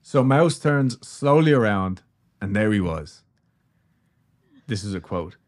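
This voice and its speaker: A man with a lowish voice hosts a casual podcast. He tells an eerie story in a loose, rambling way, cracking jokes and swearing as he goes. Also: expressive, slow. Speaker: podcast host.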